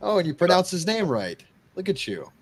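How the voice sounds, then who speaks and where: A man's voice: high-pitched, big pitch swings, fairly quick, breathy edge, dry recording. Dry, teasing American man on a close mic. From United States. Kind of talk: casual chat.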